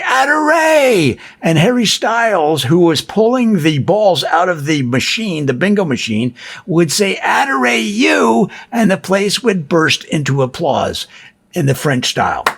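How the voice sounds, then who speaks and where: A man telling absurd made-up stories in a deadpan, mock-earnest manner, like a comedian explaining song lyrics. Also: a little high, gravelly.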